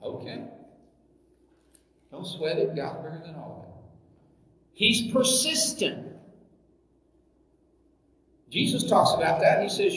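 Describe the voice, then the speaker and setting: A man's voice: high-pitched, sing-song, slow pace, pauses often, fairly bright tone. A man preaching a sermon as pastor, emphatic, full of rhetorical questions and scripture references, recorded from far off in an echoey hall.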